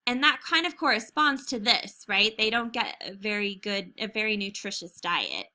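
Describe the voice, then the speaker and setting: Bright-voiced American woman teaching. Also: mid-range voice, big pitch swings, moderate pace. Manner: chatty, with frequent "okay?" and "right?" check-ins. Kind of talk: recorded video lecture over slides.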